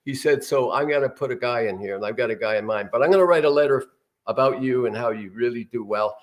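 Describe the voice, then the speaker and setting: A man's voice: mid-range voice, fast. An older man, a guest actor, telling rambling anecdotes in a casual interview.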